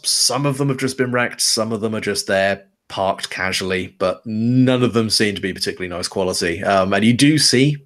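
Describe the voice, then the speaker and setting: A man's voice: lowish voice, fairly bright tone. A man narrating a tabletop game as game master, loose and rambling. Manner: loose, rambling, full of fillers and restarts.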